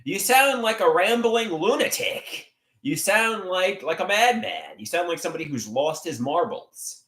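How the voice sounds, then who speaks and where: A man on a livestream rambles through viewer comments, his fairly high voice leaping up and down as he plays to the chat. He sounds like he is in an echoey room. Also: big pitch swings, unhurried, bright, forceful tone. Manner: rambling, theatrical swings in pitch and volume.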